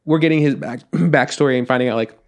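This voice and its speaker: On a laid-back anime review podcast, a co-host with a mid-range voice speaks at a quick pace, wandering through his points with many fillers and acted-out quotes.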